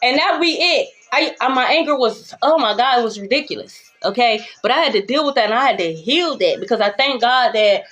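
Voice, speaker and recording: A woman giving a spiritual tarot reading to her viewers, blunt and profane, swinging between calm reassurance and heated calling-out. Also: a little high, a little fast, few pauses. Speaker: tarot reader. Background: background music.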